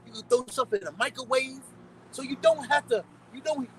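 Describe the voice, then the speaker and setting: Man, street preacher, high voice, blunt and profane, sounds set back from the mic, faint city noise. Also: moderate pace, far from the mic, rough recording.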